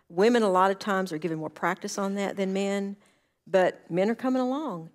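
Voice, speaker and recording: A woman counselor giving a conversational church talk, earnest and full of stories. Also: mid-range voice. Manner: earnest, anecdotal, acts out quoted dialogue.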